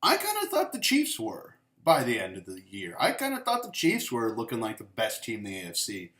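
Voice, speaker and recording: A man's voice: mid-range voice, huge pitch swings, fairly quick, fairly bright tone. A young man ranting about football in a profane, rambling, emphatic way. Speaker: sports commentator. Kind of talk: ranting vlog commentary. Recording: echoey room.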